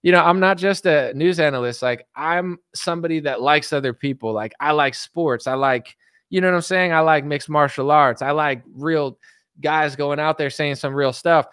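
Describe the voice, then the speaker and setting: Male political streamer; casual sarcastic rant, lots of filler, slightly high voice, dry close recording. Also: normal speed, fairly bright tone, clean tone, no echo. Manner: rambling, sarcastic, heavy filler "like".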